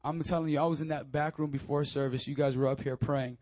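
Young guy preaching in church, pretty high voice, gets loud then drops low and personal. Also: steady tone, fast, no room sound. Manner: impassioned preaching, swinging between loud urging and low confiding asides. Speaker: pastor. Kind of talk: sermon. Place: church sanctuary.

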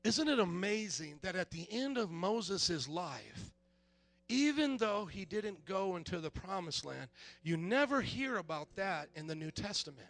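A male pastor preaching a sermon, telling stories in an animated way and shouting as he acts them out. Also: sits high, a little slow, creaky, no room sound. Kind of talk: sermon with storytelling.

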